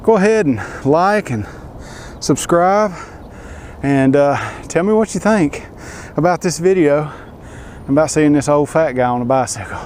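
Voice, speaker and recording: A man's voice: fairly high pitch, unhurried. A man with a Southern US accent, out of breath as he talks to viewers while riding a bicycle outdoors. He has a folksy, self-deprecating manner and calls his viewers y'all. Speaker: vlogger. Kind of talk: casual vlog narration while cycling. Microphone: action camera. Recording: loud road and traffic noise.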